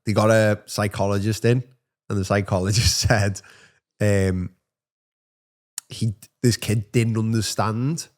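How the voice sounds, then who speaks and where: A man who teaches, co-hosting a podcast in casual chat and telling school stories with lively acted-out quotes. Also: lowish voice, takes it slowly, pauses often. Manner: animated storyteller who acts out voices in his anecdotes.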